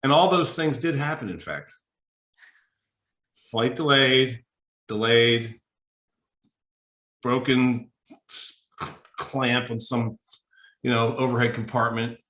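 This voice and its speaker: A man, a mental toughness coach, telling a story in a podcast interview and acting out the dialogue with sudden pitch jumps. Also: slow, long pauses, reverberant. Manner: animated, acts out dialogue with big pitch jumps.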